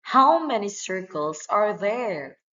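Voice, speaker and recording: A woman teaching young children, saying every word twice at a very slow, deliberate pace. Her voice sits at an ordinary middle pitch. The recording is dull and muffled. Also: sing-song, bright, forceful tone. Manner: says each word twice, slow and clear. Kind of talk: slow, repeated vocabulary drill for kids.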